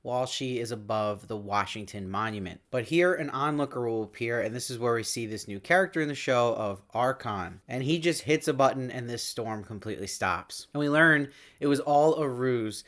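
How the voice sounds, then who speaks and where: A man's voice: mid-range voice, fairly bright tone. Enthusiastic man recapping a cartoon episode. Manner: enthusiastic, retells lines with quick paraphrased quotes. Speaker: show host reviewing episodes. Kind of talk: casual recap commentary.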